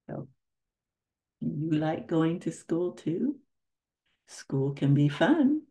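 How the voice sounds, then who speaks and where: A woman's voice: low-pitched, very animated, extremely slow, long pauses, dark tone. An older woman reading a picture book aloud to children, stopping to ask the listener questions. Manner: asks the listener questions between pages. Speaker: storyteller.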